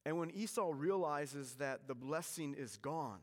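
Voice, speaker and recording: A man preaching with animated storytelling energy, his voice sitting a little high for a man. He swings between loud emphasis and quiet, hushed passages. The sound rings out with the long reverb of a large hall. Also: a little slow. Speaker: pastor. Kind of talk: sermon.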